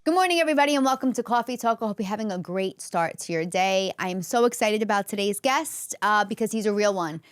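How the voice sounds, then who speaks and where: A woman with a New York accent hosting a casual interview, chatty and quick to laugh. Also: medium pitch, animated. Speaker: podcast host.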